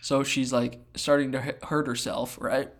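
A man chatting casually on a podcast as he tells a long story. He is animated and often acts out what others said in their own voices. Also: mid-range voice, normal speed. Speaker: podcast co-host.

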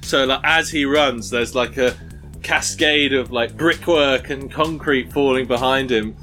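A man playing a tabletop game, talking casually in halting bursts. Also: mid-range voice, pushed and bright, faint music behind. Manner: halting, laughing often. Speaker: player.

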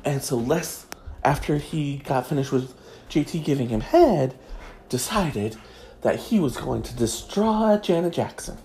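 A woman from Kentucky with a Kentucky Southern accent, hosting a crude, sassy comedic gossip monologue with drawn-out emphasis. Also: rumbling low, lively intonation, dark tone, a little hiss or hum. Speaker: celebrity gossip host.

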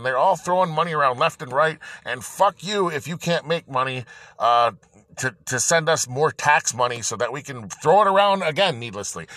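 A man rants on his own podcast, swearing constantly and circling back on himself in heated, broken sentences. His voice sounds bright and forceful, with a fairly high pitch for a man. The sound is close and dry, with no room around it. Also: no room sound. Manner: profane, heated, rambling with restarts. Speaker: podcast host. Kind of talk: angry ranting monologue.

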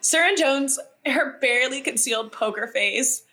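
A young woman co-hosting a casual podcast, chatting about a TV episode. Her tone is bright and forceful, and she talks in an animated way with plenty of fillers. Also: high voice, moderate pace. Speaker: podcast co-host. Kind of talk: casual chat recapping a TV episode.

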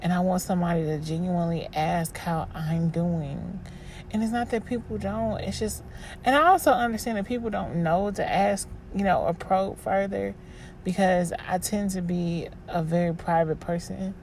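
A woman hosting her own podcast as a personal voice diary, sounding exhausted and halting, often restarting and trailing off. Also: on the low side, a little mellow, a little hiss or hum. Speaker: podcast host.

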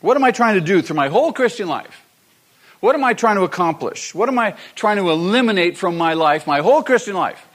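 A man's voice: high voice, lively intonation, fairly quick, fairly bright tone. A man preaching a sermon, repeating his key phrases and asking the congregation rhetorical questions. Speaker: pastor.

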